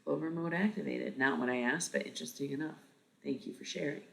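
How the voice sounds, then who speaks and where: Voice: medium pitch, fast talker, vocal fry, fairly bright tone. A livestream host in their thirties, chatting casually with viewers, rambling, swearing freely and laughing often.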